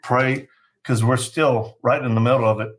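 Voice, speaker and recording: A man speaking as a podcast guest, measured and earnest, often restarting his sentences. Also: mid-range voice, fairly even intonation.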